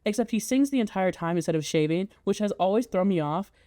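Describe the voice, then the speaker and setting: A woman's voice: medium pitch, animated, fast, warm tone, dry recording, clean studio sound. A woman giving a casual, chatty plot recap as a video essayist, talking in a loose conversational way.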